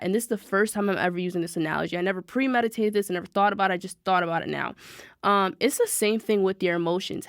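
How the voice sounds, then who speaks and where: A woman hosting a self-help podcast, talking in a casual, animated way and addressing her listeners directly. Her voice sits at an everyday middle pitch. The sound is dry and close, with no room echo. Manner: animated, talks to listeners directly, quick asides. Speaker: podcast host.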